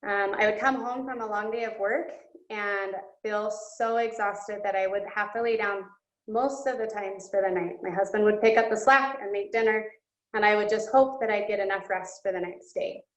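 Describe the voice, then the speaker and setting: A woman speaks as a guest at a coaching session, giving an earnest, emotional personal testimony that breaks into laughter now and then. Her mid-range voice has fairly even intonation and normal speed, captured in a roomy, dull lo-fi recording.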